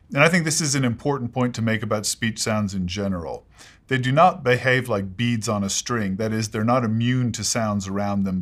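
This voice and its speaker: Measured man explaining English pronunciation. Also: fairly low pitch, fairly bright tone. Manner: measured, precise explanations with spoken examples. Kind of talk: explanatory lesson dialogue.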